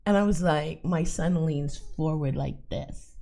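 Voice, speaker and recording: A woman telling a funny everyday story in a casual, animated way, laughing and acting out the people in it. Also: low voice, measured pace, vocal fry. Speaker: psychic reader and channel host.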